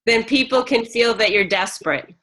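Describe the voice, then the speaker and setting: Calm, probing woman mentor. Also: fairly high pitch, moderate pace.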